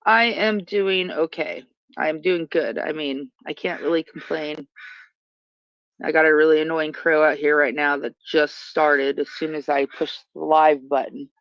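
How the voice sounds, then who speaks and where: A slow-talking livestream host who rambles through casual chat and keeps trailing off mid-thought. The voice is recorded on a phone outdoors in a yard. The sound is dry and close, but dull and lo-fi. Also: mid-range voice, fairly even intonation, no room sound. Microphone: phone camera.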